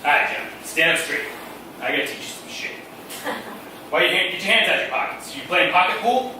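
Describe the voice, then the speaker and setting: A gruff, hot-headed middle-aged father, as a storyteller puts him on, barking orders and swearing at every turn. He sounds loud and raised, in a lively, swinging voice. The sound is echoey and distant, with heavy background noise. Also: fairly high pitch, brisk, natural voice. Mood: gruff, impatient. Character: short-tempered cursing middle-aged father. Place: theater stage.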